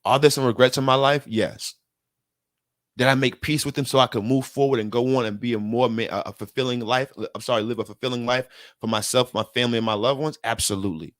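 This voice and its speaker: A man's voice: mid-range voice, steady tone, quick pace, a bit bright, no echo, clean studio sound. A man giving an earnest motivational self-help talk straight to the listener, in casual slang, often repeating himself and getting worked up. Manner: earnest, repetitive, gets worked up.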